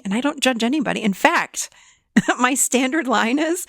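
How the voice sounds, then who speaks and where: Animated woman with a gravelly voice. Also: high-pitched, normal speed, dry recording, studio quality. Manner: animated, laughs often, emphatic repetition. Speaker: podcast host and therapist. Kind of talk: conversational podcast talk.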